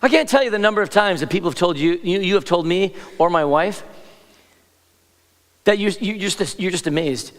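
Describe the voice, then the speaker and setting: A man's voice: high-pitched, expressive, normal speed. A man preaching as a pastor, talking in a loose, conversational way, often breaking off mid-sentence and turning to the congregation with asides. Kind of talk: sermon. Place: large church hall. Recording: long reverb of a church hall.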